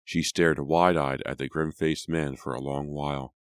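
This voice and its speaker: A man narrating an audiobook in a measured storytelling manner. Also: very deep voice, fairly even intonation, smooth, no room sound, clean studio sound. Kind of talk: scripted narration.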